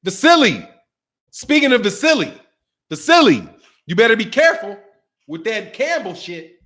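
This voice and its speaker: A lively man with a fairly high voice for a man, hosting a casual livestream about boxing. He talks in loose slang, rambles and laughs a lot as he reads super chats. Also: normal speed. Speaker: boxing channel host.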